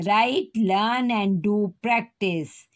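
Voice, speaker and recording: A woman teacher dictating a grammar lesson to young children, spelling words out slowly. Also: medium pitch. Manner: slow, deliberate dictation, spelling words out letter by letter. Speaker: school teacher.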